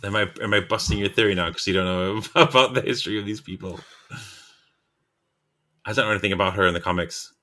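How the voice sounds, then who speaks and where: A man's voice: lowish voice, quick pace, long pauses, bright, forceful tone. A man co-hosting a podcast in casual chat, leading a quiz in a laid-back, teasing way. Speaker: podcast co-host.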